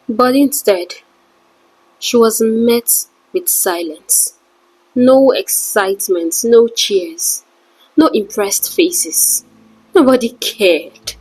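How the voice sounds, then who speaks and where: A woman narrating a folktale in a dramatic, measured way with wry asides. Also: fairly high pitch, expressive, husky, no room sound, poor audio. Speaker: storyteller. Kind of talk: scripted story narration.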